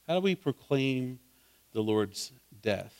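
A man's voice: mid-range voice, very animated, slow, a little mellow. A man preaching in a conversational way, asking his listeners questions and building to fervent emphasis. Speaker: pastor teaching a Bible study. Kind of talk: interactive sermon.

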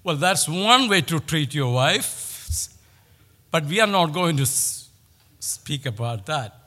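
Male pastor, measured sermon delivery with emphatic repetition, recorded in a hall with long reverb. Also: on the high side, very animated, bright, forceful tone. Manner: storytelling, with pauses and emphatic repetition. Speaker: preacher.

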